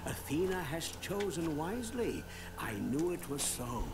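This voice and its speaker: An actor playing a cryptic old male gravedigger in a video game, speaking slowly and knowingly. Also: fairly high pitch, very animated. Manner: slow, knowing, mysterious. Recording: game audio with ambient noise.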